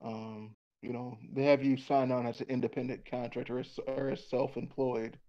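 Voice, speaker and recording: Gravelly guy rambling and cursing, lots of restarts, dull lo-fi sound. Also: medium pitch, flat delivery, moderate pace, dark tone. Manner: rambling, frequent restarts and repeated words; blunt, swears freely. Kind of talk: casual conversation.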